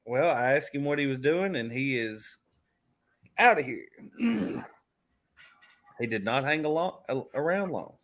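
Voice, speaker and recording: Man host, casual livestream banter, teasing, throat-clearing, slow drawl with lively ups and downs. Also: medium pitch. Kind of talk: casual chat.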